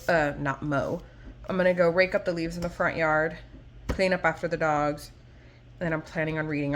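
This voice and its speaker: A woman's voice: fairly low pitch, slight background noise. A young woman vlogging about her day in a rambling, chatty way, with lots of fillers and restarts. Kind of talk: casual vlog chat.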